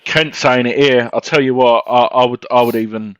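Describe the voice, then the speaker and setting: A man's voice: medium pitch, fairly even intonation, moderate pace, a bit bright, no room sound. A man from England hosting a casual football chat, steering the talk and swearing freely. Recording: dull, dry lo-fi sound.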